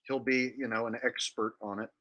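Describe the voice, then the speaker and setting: A man talking in a casual comedic monologue with a deadpan, mock-serious tone. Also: medium pitch, normal speed. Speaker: comedian, impressionist.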